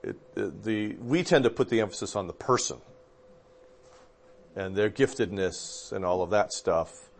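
A man's voice: fairly low pitch, unhurried, vocal fry. A man, a pastor, talking through theology in a casual discussion, rambling a little and correcting himself as he remembers. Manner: relaxed, rambling, with fillers and self-corrections.

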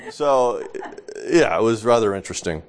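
A middle-aged male pastor teaches scripture in a relaxed, chatty way, often pausing to ask "okay?" and breaking into a laugh. His voice sits a bit low and sounds a little congested from allergies. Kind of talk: informal Bible teaching.

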